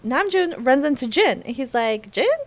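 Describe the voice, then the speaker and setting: A young woman co-hosting a casual chat, retelling a story with lively acted-out quotes. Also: a little high, moderate pace. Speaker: podcast co-host.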